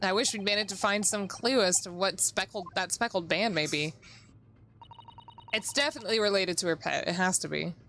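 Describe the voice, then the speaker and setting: A woman's voice: mid-range voice, fairly quick, bright, forceful tone, a little hiss or hum. A woman streaming a video game, chatting casually with her viewers, giggling, and reading the game's lines aloud in playful voices. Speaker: VTuber streamer.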